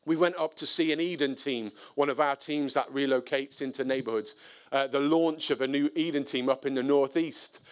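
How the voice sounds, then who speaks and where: A man preaching a sermon, telling stories in an animated, conversational way and reading scripture aloud. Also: medium pitch, normal speed. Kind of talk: sermon with storytelling.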